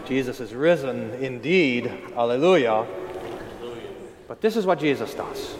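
A man's voice: mid-range voice, lively intonation, unhurried, long reverb tail, noisy background. A man preaching as a pastor in a church, telling a story with animation and speaking earnestly. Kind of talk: sermon.

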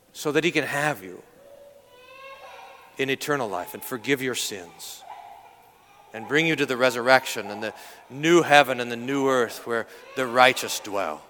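A male pastor preaching an earnest sermon, telling a story and slowing down to go soft on key lines. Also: medium pitch, in a large hall, slight background noise. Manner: earnest storytelling, drops to slow and soft for emphasis.

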